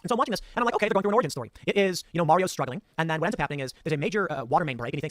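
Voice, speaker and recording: A male commentator who rattles off his points at great speed, his voice swinging high and low. He reads a movie review aloud and picks it apart with sarcastic asides. The recording is dry and close. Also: no room sound. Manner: rapid, lively delivery with sarcastic asides. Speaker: political commentator.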